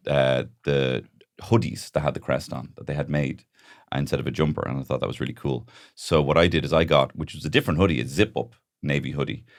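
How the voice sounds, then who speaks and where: A man's voice: very deep voice, no echo, clean studio sound. An Irish man co-hosting a podcast, telling rambling comic stories with frequent laughs. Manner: rambling storyteller, laughs often. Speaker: podcast co-host. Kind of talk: casual comedic chat.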